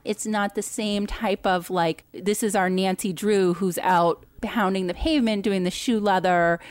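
A woman co-hosting a casual podcast, giving emphatic, animated opinions. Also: medium pitch, measured pace, no room sound. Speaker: podcast co-host.

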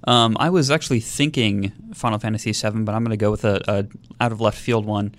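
A man on a podcast panel, speaking in a hesitant, measured way. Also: on the low side, fairly even intonation. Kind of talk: casual podcast chat.

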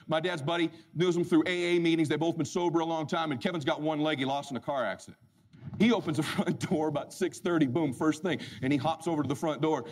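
A man telling a humorous personal story as a motivational speaker, animated and emphatic. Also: sits high. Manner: animated, emphatic, swings loud and soft.

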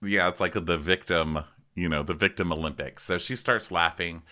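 A man co-hosting a comedic TV recap podcast, retelling scenes in a mocking, animated way. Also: low-pitched, moderate pace. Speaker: podcast co-host.

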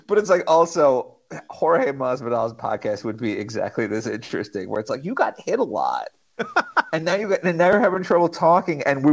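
Animated wry male podcast host. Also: on the high side, muffled recording. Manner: animated, wry, talks over clips. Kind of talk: casual comedic commentary.

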